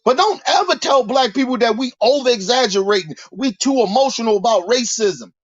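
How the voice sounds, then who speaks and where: A man's voice: extremely high pitch, animated, a little fast, dry recording, lo-fi sound. A man delivering a heated, profane monologue rant, preaching and repeating himself as he builds his points. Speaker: commentator.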